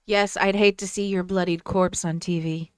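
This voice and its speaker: A woman co-hosting a podcast in casual chat, animated, with quick laughs and exclamations. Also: on the low side, smooth, dry recording, studio quality. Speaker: podcast co-host.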